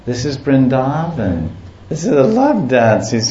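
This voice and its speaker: A man giving a devotional talk in an unhurried storytelling manner, listing things and chuckling as he goes. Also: mid-range voice, expressive, dark tone. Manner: slow, storytelling, lists and chuckles. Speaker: devotional teacher. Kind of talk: devotional lecture and property tour. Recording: echoey muffled room with faint ambience.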